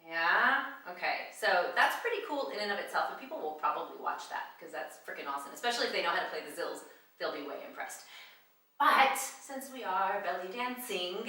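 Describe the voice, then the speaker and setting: A woman's voice: fairly low pitch, pushed and bright. A young adult woman teaching a belly dance lesson in a chatty, encouraging way, laughing at herself now and then. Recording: echoey room, mic at a distance.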